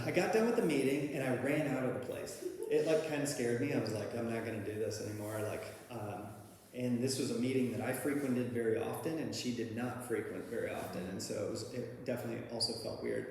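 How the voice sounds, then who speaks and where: A man's voice: mid-range voice, fairly quick, darkish tone, slight background noise. A man telling a personal recovery story in casual, rambling talk, with lots of fillers and restarts, and laughing at his own story. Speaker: speaker sharing a recovery story. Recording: very echoey hall with long reverb.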